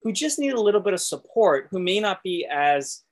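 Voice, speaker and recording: A man guest on an interview, slightly high-voiced and animated. He laughs often and slips into quick impressions of the people in his stories. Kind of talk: casual interview storytelling.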